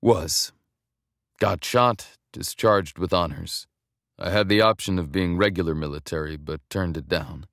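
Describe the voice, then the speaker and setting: A male narrator doing a blunt former soldier in his late twenties. The voice is low and terse, and it sounds close and dry. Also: a little slow, fairly bright tone, dry recording. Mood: steady.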